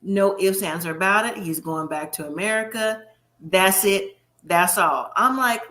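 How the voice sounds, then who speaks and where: A woman giving a casual, opinionated recap of a reality show, chatty and quick to voice the cast's lines. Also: mid-range voice. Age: middle-aged. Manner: chatty, opinionated, quotes the cast in lively voices. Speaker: recap host.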